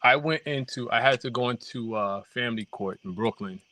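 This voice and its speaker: A man guest on a podcast, telling his story haltingly with many fillers and restarts. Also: mid-range voice, bright, forceful tone, no room sound. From New York. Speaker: documentary filmmaker guest. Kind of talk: casual podcast interview.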